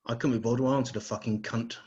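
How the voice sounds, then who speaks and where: A man's voice: medium pitch, fairly even intonation, very fast, darkish tone, breathy edge. A Scottish man doing crude, swearing one-liner stand-up comedy over a video call. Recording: dull lo-fi video call audio.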